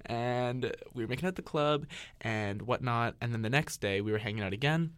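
A man's voice: mid-range voice, lively intonation, moderate pace, clear, resonant tone, no room sound. A young man co-hosting a candid chat, gushing and giggling as he tells a story. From Canada. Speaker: podcast co-host.

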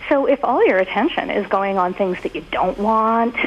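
A woman who is a guest on a podcast, talking casually and telling stories in an expressive, animated way. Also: mid-range voice, moderate pace, dull audio, a little hiss or hum. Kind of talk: casual conversational interview.

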